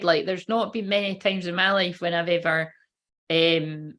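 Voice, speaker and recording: A woman's voice: lowish voice, a bit bright. A woman who works as a spiritual reader, chatting casually on a livestream, rambling, giggling and swearing freely.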